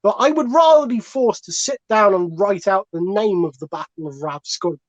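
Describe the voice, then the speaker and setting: A man's voice: high voice, moderate pace. A man talks through a comic podcast argument, rambling and digressing and swearing freely. The sound is dull and lo-fi, and the dry recording has no room echo at all. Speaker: comedian panelist.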